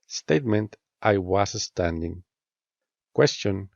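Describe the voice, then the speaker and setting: A man teaching an English grammar lesson, reading example statements and questions in a measured, scripted way. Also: on the low side, animated, creaky, no room sound. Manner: measured, reads statement and question pairs with careful rising intonation. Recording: dull, lo-fi dry voice-over.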